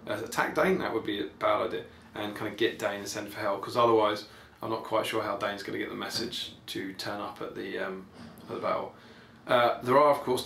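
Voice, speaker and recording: Guy chatting about a trailer on a podcast, lowish voice, lots of ums, echoey room with faint hiss. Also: gravelly, fairly bright tone. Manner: rambling and enthusiastic, with many ums. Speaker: podcast host. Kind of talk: casual trailer commentary.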